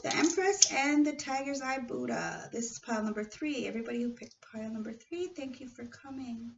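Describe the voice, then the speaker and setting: A tarot reader with a non-native English accent gives a casual card reading, chatty and often checking in with her listeners. Her gravelly voice sits on the high side and moves a little fast. The home recording is distant, dull and noisy.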